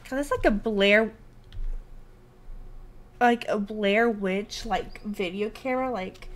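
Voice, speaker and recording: A woman streamer chatting casually and reacting out loud as she plays a horror game. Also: mid-range voice, takes it slowly. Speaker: gaming streamer. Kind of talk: casual let's play commentary.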